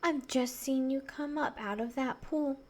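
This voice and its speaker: A woman's voice: high-pitched, measured pace. A woman voicing a dreamy, sensible young girl in a storybook reading.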